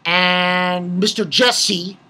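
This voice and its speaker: A woman's voice: fairly low pitch, fairly even intonation, drawn-out words, sharp tone. A woman giving a casual, rambling recap of an anime episode, swearing freely and restarting her sentences often. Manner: rambling and profane, with many restarts.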